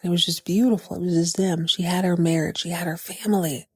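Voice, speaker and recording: A woman's voice: on the low side, fairly even intonation, brisk, darkish tone, husky, no room sound. Slangy, playful woman recapping a TV episode. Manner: playful, slangy, joking asides. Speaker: podcast host.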